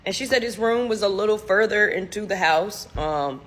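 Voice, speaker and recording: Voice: mid-range voice, normal speed, a bit bright. A casual storyteller retelling a spooky story in a loose, rambling way, full of "like" fillers and little voices for the people quoted.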